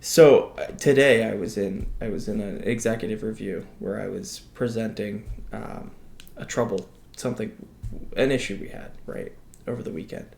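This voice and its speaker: A man's voice: fairly low pitch, moderate pace, creaky. A veteran man co-hosting a podcast, talking bluntly with frequent swearing in a casual chat. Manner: blunt, profane, animated. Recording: echoey room.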